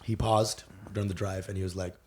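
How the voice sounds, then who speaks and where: A man's voice: low voice, level tone, a little fast. A man co-hosting a comedy podcast, telling crude stories in casual banter and laughing often. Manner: crude, joking storyteller who laughs often. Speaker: podcast co-host.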